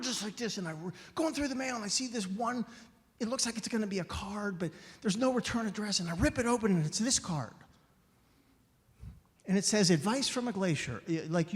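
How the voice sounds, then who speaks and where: A man with a slightly high voice gives an inspirational talk in a church sanctuary. He tells his story by acting out the dialogue, and he pleads with the listeners. A long hall reverb trails each phrase. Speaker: guest speaker.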